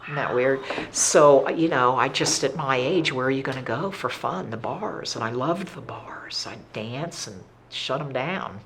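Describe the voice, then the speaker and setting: A woman, animated and self-deprecating as she talks candidly about her past. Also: a bass voice, a little slow, hardly any pauses, slight background noise. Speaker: interviewee in recovery. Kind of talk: candid conversational storytelling.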